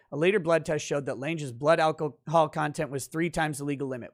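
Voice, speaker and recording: A man who is a lawyer and legal commentator, giving conversational, emphatic commentary on a court ruling and thinking aloud as he reads it. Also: on the high side. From central Minnesota, United States.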